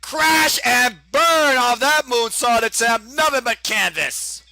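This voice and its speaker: A man calling a wrestling match live, in rapid, excited play-by-play. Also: extremely high pitch, vocal fry, no room sound, raised voice, rough recording. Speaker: play-by-play commentator. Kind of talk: live wrestling watch-along commentary.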